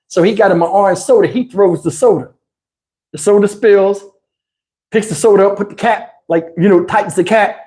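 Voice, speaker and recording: A man telling stories on his live stream, in a casual, animated way with crude slang and frequent laughter, through a lapel mic. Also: high voice, brisk. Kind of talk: casual anecdotal storytelling. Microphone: wireless lapel mic.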